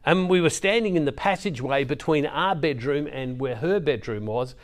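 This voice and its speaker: A middle-aged man preaching, reading scripture and telling a family story with slow, emphatic pauses. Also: a little high, animated. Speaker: Catholic preacher.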